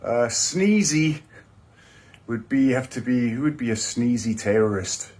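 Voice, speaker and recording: A man with a husky, slightly breathy voice at a middling pitch delivers a deadpan satirical film review. His talk rambles and stays sardonic and self-mocking. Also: unhurried.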